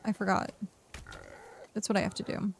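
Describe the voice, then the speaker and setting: A woman's voice: moderate pace, slight background noise. A young woman streaming a game, chatting casually and rambling to herself and her viewers while sounding tired and yawning. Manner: rambling, talks to herself and chat. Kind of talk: casual live-stream chat while playing.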